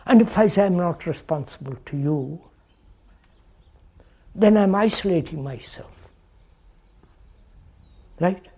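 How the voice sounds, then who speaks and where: Man, public speaker, reflective talk, warm tone, husky, questioning, repetitive. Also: sits high, expressive, slow pace, pauses often. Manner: questioning, repeats phrases, often asks "right?". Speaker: speaker addressing an audience.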